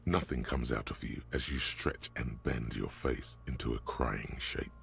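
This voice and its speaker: A man's voice: very deep voice, a little slow, heavily acted. An actor voicing a grim, ominous male narrator in a video game. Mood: grave. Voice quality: gravelly, grave.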